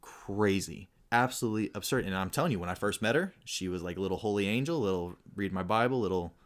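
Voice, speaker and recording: A young man co-hosting a casual podcast, spinning a long, rambling story with a fairly low voice. He acts out the lines of the people in his tale as he goes. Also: fast. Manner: rambling, animated storyteller who acts out quotes. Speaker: podcast co-host.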